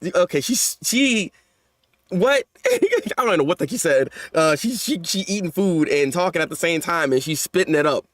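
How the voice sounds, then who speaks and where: A man giving a live reaction commentary on a manga chapter, slangy and animated, often stammering and repeating words. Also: on the high side, normal speed, dry recording, clean studio sound.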